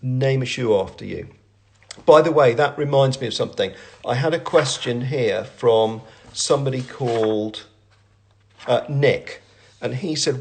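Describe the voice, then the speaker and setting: Middle-aged man, creaky voice, chatty phone live-stream host, meandering and self-deprecating. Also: mid-range voice, measured pace. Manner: rambling, self-deprecating, chatty with many fillers and restarts. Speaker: brand owner and creative director hosting a live Q&A. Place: at home, with family in the room.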